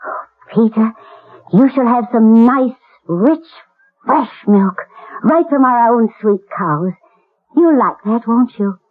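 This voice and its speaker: An actress playing a gentle wealthy lady, speaking tenderly and pleading through tears, in a 1970s radio drama. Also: fairly high pitch, expressive, slow. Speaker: lady of the house. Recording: tinny old radio broadcast.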